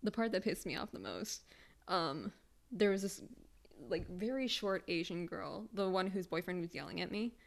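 A woman's voice: fairly low pitch, expressive, normal speed, creaky. A young woman in her twenties, co-hosting a podcast and telling a story in casual, profane chat. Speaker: podcast co-host.

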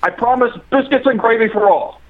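A man puts on a crusty older politician calling in, all stump-speech promises in a folksy campaign cadence. The voice sits very high and comes through a narrow, tinny phone line that sounds almost old-timey. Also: fairly quick, a crowd in the background. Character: caller doing a mock old male presidential candidate. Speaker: caller.

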